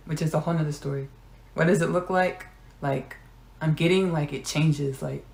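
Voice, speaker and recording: Woman host, low gravelly voice, channeling monologue with repeated lines and drifts into whispers. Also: steady tone, normal speed, darkish tone, echoey room. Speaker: podcast host.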